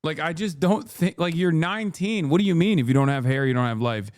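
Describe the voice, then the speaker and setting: A man's voice: a little high, a little fast, no echo, studio quality. A man streaming, reacting to a clip in casual, profane commentary, rambling with restarts and asides to his chat.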